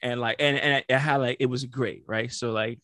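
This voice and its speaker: A man's voice: medium pitch, steady tone, normal speed, bright, forceful tone, no echo. A man telling stories on a podcast, loose and profane, who keeps breaking into laughter as he talks. His voice is close and dry, with no room sound around it. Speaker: podcast co-host. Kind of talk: casual chat.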